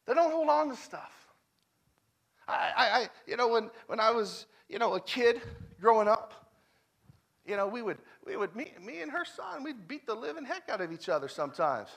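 A guest preacher, a man in his thirties or forties, gives a conversational sermon full of personal stories. His very high-pitched voice is creaky and slightly rough, and he repeats phrases emphatically, swinging between loud declarations and hushed, quiet stretches.

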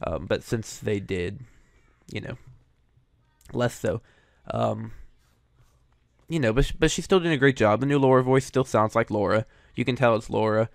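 A man's voice: medium pitch, normal speed, creaky, long pauses, no echo, studio quality. A young man hosting casual commentary, an opinionated, chatty fan. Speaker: show host reviewing voice actors.

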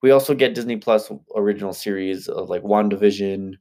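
A man co-hosting a podcast, chatting casually and joking around with quick asides. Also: lowish voice, warm tone. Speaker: podcast co-host. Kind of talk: casual chat.

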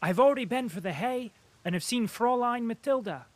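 A man's voice: very high-pitched, lively intonation, fairly quick, dry recording, voice pushed up. A man voicing a cheerful, eager young cavalry officer. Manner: bright, eager.

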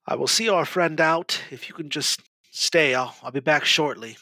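A man voicing a gentle monk who speaks softly and reassuringly in a tabletop game. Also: on the high side, moderate pace, no echo, pitched above the performer's own voice, full character voice. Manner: soft and reassuring.

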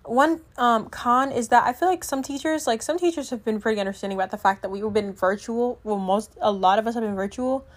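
A woman's voice: fairly high pitch, fairly quick, hardly any pauses. Chatty teenage girl, lots of "like". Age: teens. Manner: rambling, chatty, filler-heavy with lots of "like"; self-correcting, trails off and restarts. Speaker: vlogger. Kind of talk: casual chat to camera.

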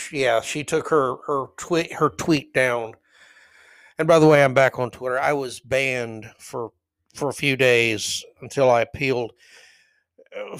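A middle-aged man with a slightly high voice holds forth alone on his podcast. He rants bluntly and heatedly, wandering from story to story with strong opinions. His delivery is loose and conversational, never scripted. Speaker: podcast host. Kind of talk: opinionated solo podcast monologue.

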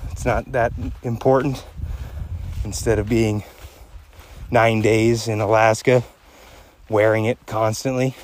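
A man's voice: lowish voice, a little mellow, a little hiss or hum. A man hosting a casual podcast while walking uphill outdoors, a little out of breath, rambling, joking and swearing freely. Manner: crude, profane, joking and rambling. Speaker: podcast host. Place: outdoors on a hunting trip.

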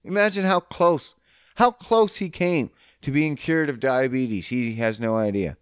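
A man's voice: mid-range voice, unhurried, clear, resonant tone, no echo, studio quality. A man talking casually and crudely about fitness and diet, rambling and joking, acting out both sides of conversations. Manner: crude, rambling, joking, voices others in quotes. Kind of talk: casual profane monologue.

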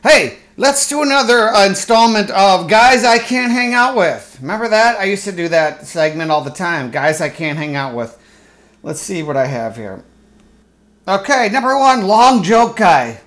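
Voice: mid-range voice, animated, normal speed, fairly bright tone. Sarcastic, profane solo podcast host. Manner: sarcastic, profane ranting with mock voices; rambling, with fillers and restarts. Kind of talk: solo comedic podcast rant.

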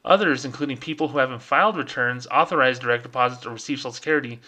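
A man hosting his own podcast, ranting in a casual, fired-up way and slipping into quick mocking voices. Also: medium pitch, pushed and bright. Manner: fired-up, ranting, mimics people in quick asides. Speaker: podcast host.

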